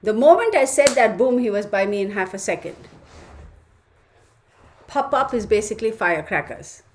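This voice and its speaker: A woman's voice: mid-range voice, very animated, moderate pace, a little hiss or hum. Woman, livestream host, chatty, laughs a lot, reads out comments. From United States. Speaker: tarot channel host. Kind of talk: casual livestream chat.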